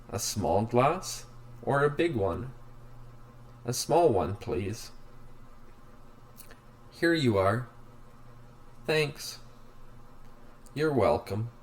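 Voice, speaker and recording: Male reader, beginner English lessons: slow, deliberate, plays both speakers. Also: mid-range voice. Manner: reads both sides of each dialogue, very slow and evenly spaced. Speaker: English teacher reading practice dialogues. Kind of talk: slow scripted reading of beginner dialogues.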